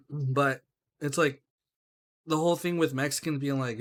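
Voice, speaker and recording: Guy ranting on a podcast, middle pitch, keeps going "right? bro", gets worked up. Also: moderate pace, pauses often. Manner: heated, animated, swears, says "right?" and "bro". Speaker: podcast co-host. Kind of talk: casual chat.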